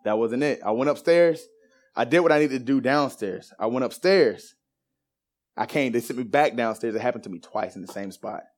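A man in his thirties giving a personal faith testimony, telling it as a lively story and acting out the voices of the people in it. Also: medium pitch, normal speed. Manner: animated storyteller who acts out quoted voices.

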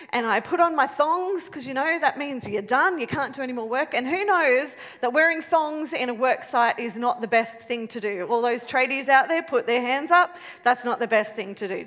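A woman telling a funny personal story to a live audience, animated and self-mocking, laughing as she goes. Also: high voice. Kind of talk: storytelling talk with a moral. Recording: long hall reverb.

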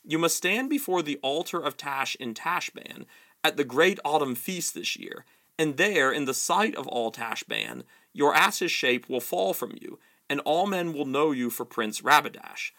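A majestic male lion, calm and grave, speaking in a quiet, measured storybook voice, as a man reading aloud puts him on. His tone carries a gravelly edge and a clear, bright ring. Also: fairly high pitch, full character voice. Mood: solemn. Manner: quiet, solemn, measured delivery.

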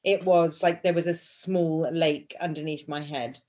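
A woman co-hosting a podcast, telling a story in a casual, animated way. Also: sits low, measured pace. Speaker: podcast co-host. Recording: dull lo-fi sound.

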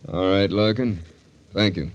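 An actor playing a brisk army colonel in an old radio drama. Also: male voice, low voice, over loud music. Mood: blunt. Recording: dull old radio play recording with faint noise.

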